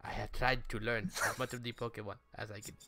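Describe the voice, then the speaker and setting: A man's voice: lowish voice, little pitch movement, brisk, sharp tone, soft background music. A man hosting a casual let's-play, joking crudely and laughing often. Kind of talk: casual gaming commentary.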